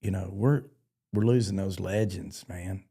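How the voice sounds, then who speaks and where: A man's voice: sits low, unhurried, gravelly, mellow, breathy edge. A man, a podcast guest and former rodeo barrelman, telling stories in a casual interview and acting out the voices of people he quotes.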